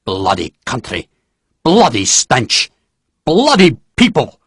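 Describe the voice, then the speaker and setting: A man voicing a gruff, crude old general who curses freely. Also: mid-range voice, sing-song, normal speed, a bit bright, no room sound, studio quality. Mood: blustering. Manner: blustering, profane.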